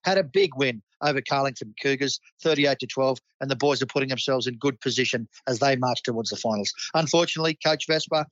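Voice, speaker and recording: A man's voice: medium pitch, fast talker, hardly any pauses, fairly bright tone, no room sound, dull audio. An Australian man hosting a local sports club roundup, enthusiastic and matey. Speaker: club host.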